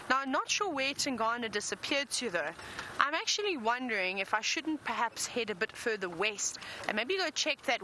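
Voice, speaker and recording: A woman presenting a live safari drive, chatty and enthusiastic, talking from an open vehicle in the wind. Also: on the high side. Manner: chatty, enthusiastic, self-deprecating.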